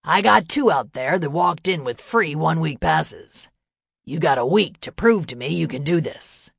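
A woman voicing a gruff, blunt male boxing gym boss, giving curt orders in an audiobook. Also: low voice, animated, normal speed, dry recording, clean studio sound, exaggerated voice. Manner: curt, matter-of-fact orders. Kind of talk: audiobook character voice.

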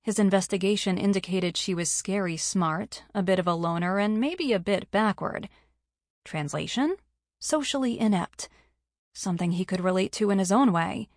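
A woman narrating a romance novel in a steady, even reading. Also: mid-range voice, normal speed, dry recording, studio quality. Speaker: audiobook narrator.

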